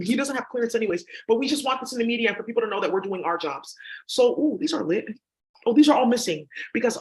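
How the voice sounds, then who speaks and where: A man's voice: high voice, poor audio. A man talking to his viewers in a rambling, profane, scattered and conspiratorial way. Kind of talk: rambling casual monologue.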